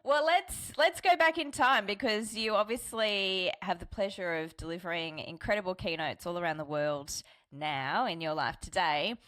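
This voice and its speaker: A woman's voice: on the low side, normal speed, a bit bright. A woman from Australia hosting an interview podcast, upbeat and enthusiastic. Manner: upbeat, enthusiastic, laughs often. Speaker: podcast host.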